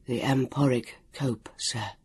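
A man voicing a polite, serious male android servant who speaks quietly, slowly and solemnly, half whispering. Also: medium pitch, steady tone, husky. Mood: grave.

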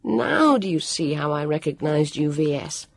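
A woman's voice: sits low, animated, moderate pace, gravelly, no room sound, studio quality, heavily acted. A woman voicing a self-important young boy who talks in an airy, questioning way, read aloud in an audiobook. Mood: lordly.

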